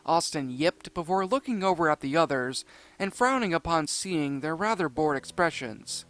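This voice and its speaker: A male narrator reading a fan-written cartoon story in an animated way, with small slips and restarts. His voice sits a bit high and moves a lot in pitch. Faint music plays underneath. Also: moderate pace.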